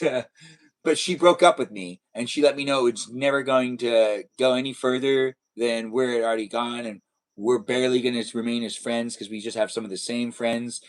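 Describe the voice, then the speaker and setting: Playful man chatting on a live stream. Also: medium pitch. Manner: playful, silly, teasing. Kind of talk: casual live stream chat reading comments.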